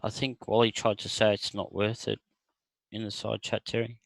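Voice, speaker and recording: A man's voice: lowish voice, level tone, moderate pace, gravelly, no echo, rough recording. A man co-hosting a casual online chat over a video call, explaining things at length with frequent hesitations.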